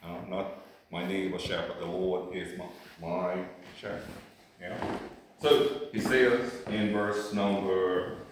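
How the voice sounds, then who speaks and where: Male preacher, low voice, repeats himself, quizzes the congregation, echoey room, mic at a distance. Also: little pitch movement, slow, a little hiss or hum. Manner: repetitive, asks the congregation questions. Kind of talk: sermon.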